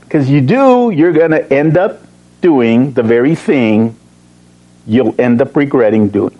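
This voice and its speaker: A man teaching a Bible study, reading verses slowly and stressing key words, with joking asides to his class. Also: fairly high pitch, lively intonation, warm tone, poor audio. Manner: emphatic, slows to read verses, joking asides.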